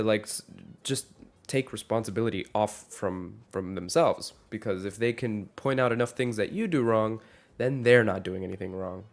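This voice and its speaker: A young man giving a casual rant to camera, rambling and correcting himself as he goes, with a wry tone. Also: on the low side. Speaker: vlogger.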